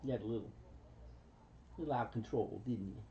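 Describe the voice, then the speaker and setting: A woman chatting fondly with her pet bird at home, cooing pet names and laughing softly. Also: extremely low pitch, a little fast, vocal fry, a little hiss or hum. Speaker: pet bird owner on a livestream. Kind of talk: casual chat with a pet. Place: indoors at home. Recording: dull lo-fi home livestream audio.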